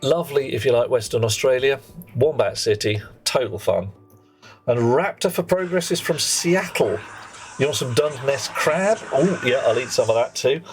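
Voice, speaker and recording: A man's voice: medium pitch, animated, normal speed, faint music behind. A man, chatting jokily on a live game stream and reading viewer names aloud. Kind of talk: live gameplay stream chat.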